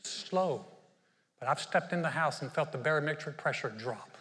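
A middle-aged man preaching a sermon as pastor, humorous and animated, telling stories with playful asides. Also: on the high side, moderate pace, big-room sound, crowd noise.

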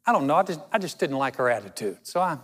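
A man preaching a sermon, telling stories in a conversational way and slowing down for emphasis. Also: on the high side, very animated, a bit bright, slightly rough. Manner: storytelling, conversational with dramatic slow emphasis. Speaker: pastor. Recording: long hall reverb.

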